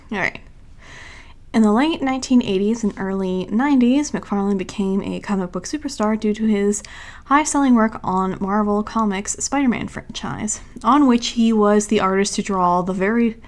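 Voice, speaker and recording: A woman hosts a casual livestream in a mid-pitched voice. She talks in a rambling way, correcting herself as she goes. She sounds a little congested. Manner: rambling, self-correcting, chatty. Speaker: streamer host.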